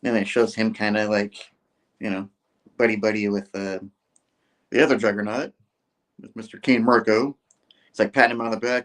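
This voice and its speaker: On his comic book review show, a man recaps an issue in a rambling, casual way, packed with filler words and mock character voices. His voice is lowish and fairly bright, with a level tone, normal speed, and long pauses.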